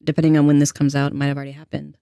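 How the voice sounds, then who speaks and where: Trans man podcast co-host, young adult, gravelly, dry close mic, candid storyteller. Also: fairly high pitch, completely flat delivery, racing, dark tone, dry recording. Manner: candid, anxious, self-deprecating storytelling. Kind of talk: casual personal storytelling.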